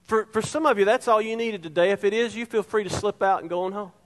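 A man's voice: sits high, quick pace. A middle-aged man preaching a sermon as pastor, emphatic and repeating his key phrases to the congregation. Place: church sanctuary. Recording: long reverb of a hall.

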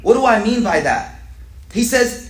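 High pitched guy teaching a class, reads arabic fast then explains it all slangy, lots of room echo. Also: expressive. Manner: reads Arabic lines quickly, then explains them in slangy everyday English. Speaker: teacher of a weekly Islamic class. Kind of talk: casual religious lesson reading a classical text. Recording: echoey room.

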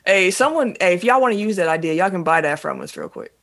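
A woman's voice: on the low side, lively intonation, quick pace, creaky. A woman co-hosting a podcast, dropping dry, teasing asides in casual banter. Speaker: podcast co-host.

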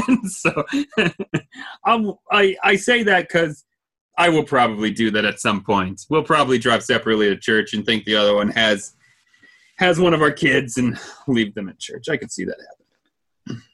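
Brief: male podcast host, bright tense tone, mid pitch, easygoing and reassuring. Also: expressive, normal speed. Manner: easygoing, reassuring, reads listener messages. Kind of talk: casual chat.

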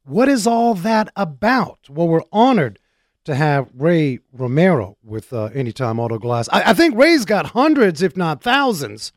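A man hosting a car talk radio show, joking in an energetic, talkative way. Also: a little high, unhurried, no room sound, clean studio sound. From Arizona.

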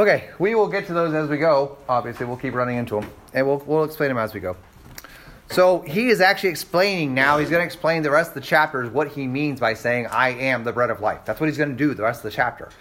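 A man's voice: mid-range voice, brisk, a bit bright, a little hiss or hum. A man teaching a Bible class, quizzing his students with rhetorical questions and acting out quoted exchanges. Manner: acts out voices in quoted exchanges.

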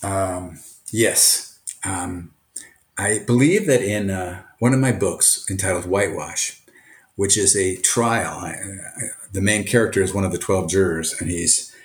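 An older man from Brooklyn, a retired teacher and author, answering interview questions earnestly, often halting and restarting. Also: sits low. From Brooklyn, USA. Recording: echoey room.

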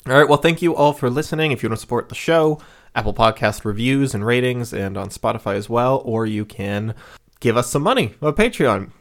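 A man's voice: medium pitch, animated, a little fast. Rambling man on a podcast. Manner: rambling, filler-heavy, laughs often. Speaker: podcast co-host. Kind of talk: casual podcast chat.

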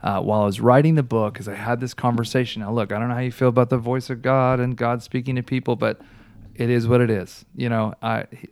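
A man telling his personal testimony in a casual talk, an animated storyteller who restarts often and laughs along the way. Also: medium pitch, fast talker, smooth.

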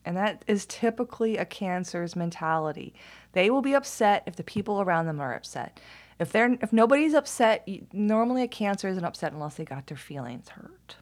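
A woman's voice: medium pitch, lively intonation, a little fast. A woman talking in a casual monologue, candid and blunt, swearing freely, laughing often and now and then dropping to a near whisper.

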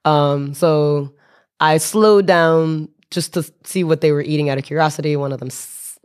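A young woman telling a personal travel story in casual conversation. She is animated, often corrects herself and laughs as she goes. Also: low voice, normal speed, clean tone. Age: young adult.

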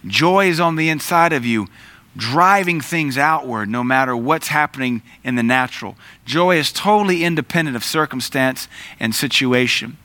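A man preaching a conversational sermon, pausing to search for words and telling stories on himself. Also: mid-range voice, sharp tone, no echo. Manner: conversational preaching with asides and self-corrections. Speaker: pastor.

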